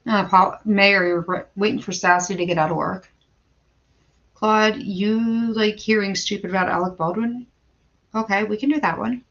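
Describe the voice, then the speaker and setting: A woman's voice: medium pitch, steady tone, moderate pace, fairly bright tone. A woman in her thirties hosting a casual firearms livestream, chatty and rambling, greeting viewers by name and restarting her sentences often. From western Pennsylvania, USA. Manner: frequent stammered restarts and filler words. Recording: dull lo-fi stream audio.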